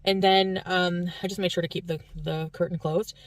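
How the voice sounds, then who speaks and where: A woman's voice: fairly low pitch, level tone, moderate pace, recorded from a distance. A Canadian woman telling a long story in a vlog, rambling and chatty as she recounts each detail. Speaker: vlogger.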